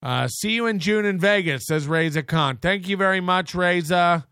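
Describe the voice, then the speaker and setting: A man's voice: high voice, moderate pace, sharp tone, smooth, no room sound, clean studio sound. A man hosting a livestream, ranting in a mock-serious, exaggerated way. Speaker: livestream host. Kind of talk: comic rant.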